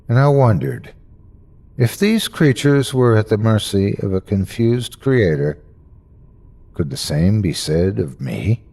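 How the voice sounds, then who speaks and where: Lively male horror story narrator. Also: on the low side, creaky, breathy edge.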